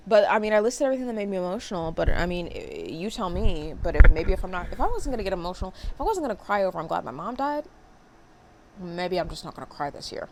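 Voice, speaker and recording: A young woman vlogging about books in a casual, expressive way, with sarcastic asides and casual swearing. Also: lowish voice, fast talker, slight background noise. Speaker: book vlogger. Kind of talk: casual chat.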